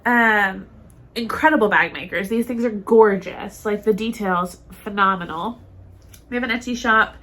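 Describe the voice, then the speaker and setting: A woman's voice: mid-range voice, normal speed, fairly bright tone. A woman co-hosting a knitting podcast, chatting casually and rambling with lots of fillers, a bit stuffy in the nose. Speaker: podcast co-host.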